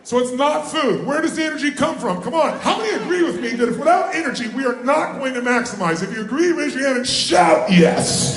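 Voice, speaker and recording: Motivational speaker, a man with a high voice, prompts the crowd nonstop, roomy hall with faint background hum. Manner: energetic, calls out questions and prompts the crowd to answer. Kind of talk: live seminar talk to an audience. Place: large room with a live audience.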